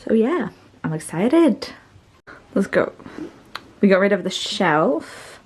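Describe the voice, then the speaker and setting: A woman's voice: mid-range voice, sing-song, takes it slowly, darkish tone, slightly rough. A young adult woman chatting casually in a home vlog from her small bedroom, self-deprecating and joking as she shows purchases and tidies up. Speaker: vlogger. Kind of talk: casual chat.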